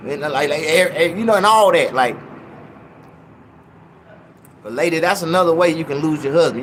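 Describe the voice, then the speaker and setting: Guy with a high voice ranting a crude funny story, all over the place, lil bit of hiss. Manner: animated, loud, profane. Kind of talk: profane comedic storytelling.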